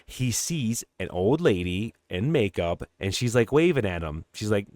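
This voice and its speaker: Low-voiced man rambling through a film plot. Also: lively intonation, normal speed, a little mellow, no room sound, clean studio sound. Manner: rambling, heavy swearing, lots of fillers. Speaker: podcast co-host. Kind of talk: casual chat retelling a film.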